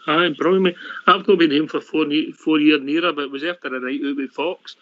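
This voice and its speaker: A man's voice: a little high, fairly even intonation, fairly quick, a bit bright. A Scottish man hosting a football phone-in show, jokey and teasing his callers. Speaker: host. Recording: dull lo-fi line.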